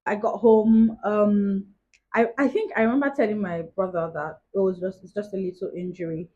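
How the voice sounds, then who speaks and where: A woman's voice: mid-range voice, steady tone, normal speed, mellow, a little hiss or hum. A young woman telling a personal story to camera in a chatty way, full of "like" asides. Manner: chatty, retells events with many "like" asides. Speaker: vlogger. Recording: dull lo-fi recording.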